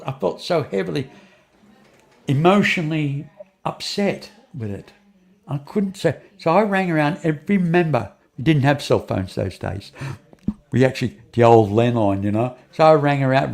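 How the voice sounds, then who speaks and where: Older man, gravelly voice, fairly high pitch, rambling storyteller, interview guest. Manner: rambling, repeats phrases and restarts, acts out dialogue.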